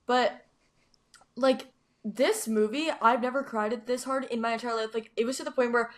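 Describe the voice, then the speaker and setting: A woman's voice: on the high side, fairly even intonation, normal speed. A young woman co-hosting a podcast in casual chat, gushing and filling her talk with "like". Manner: gushing, heavy use of "like". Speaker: podcast co-host.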